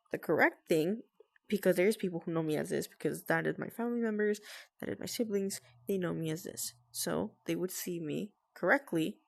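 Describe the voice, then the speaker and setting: Woman, hushed careful talk, slight vocal fry, lowish voice, casual vlog. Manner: hushed and careful, with nervous laughs. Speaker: vlogger. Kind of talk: casual explainer talk to friends. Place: at home with family nearby.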